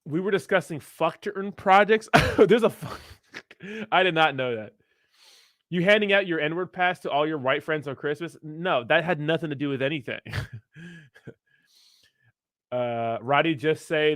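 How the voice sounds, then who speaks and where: Young dude on a crypto stream, kinda high voice, rambly and swears a lot, dry sound. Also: male voice, a little slow, long pauses, a bit bright, no room sound. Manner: rambling, profane, reads chat messages aloud. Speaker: crypto livestream host. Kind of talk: casual livestream chat.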